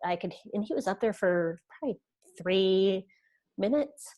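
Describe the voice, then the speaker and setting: A woman in her thirties appears as a podcast guest, earnestly sharing a personal story and acting out what people said. Her medium-pitched voice is expressive and dark-toned, a little slow.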